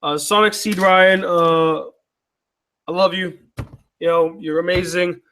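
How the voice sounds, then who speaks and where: A man's voice: sits high, steady tone, takes it slowly, a bit bright. A tired, yawning man hosting a live chat, reading viewer comments and bantering back with loose, profane teasing. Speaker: YouTube channel host.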